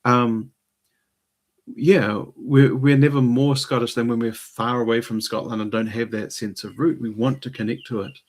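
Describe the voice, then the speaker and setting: A man, possibly middle-aged, hosting his own live stream from New Zealand, rambling in a hesitant way with many pauses and fillers. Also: medium pitch, fairly even intonation. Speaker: channel host. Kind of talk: casual live-stream monologue.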